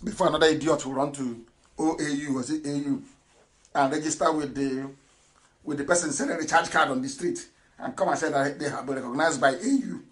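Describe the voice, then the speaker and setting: A man hosting an impassioned political broadcast, swinging between loud declarations and low asides and laughing often. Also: brisk, poor audio. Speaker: broadcast host.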